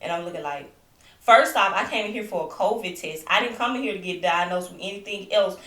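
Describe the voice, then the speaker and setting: Young woman, lingering cough, chatty storytelling, low bright voice, echoey room off-mic. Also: fairly quick, distant mic. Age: young adult. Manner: chatty, animated retelling with asides to viewers. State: recovering from illness, lingering cough. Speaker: vlogger. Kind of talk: casual storytelling to camera. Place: home, indoors.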